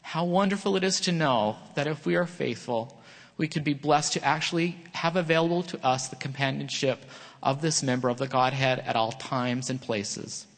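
A man's voice: mid-range voice, normal speed. A middle-aged man giving an earnest prepared sermon talk in a church chapel, reading with small slips. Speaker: church speaker. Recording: long reverb of a large hall.

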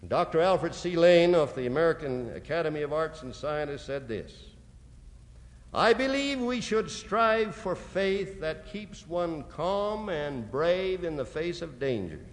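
A man preaching a sermon, slowly and dramatically, reading out scripture quotations. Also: fairly high pitch. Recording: long hall reverb.

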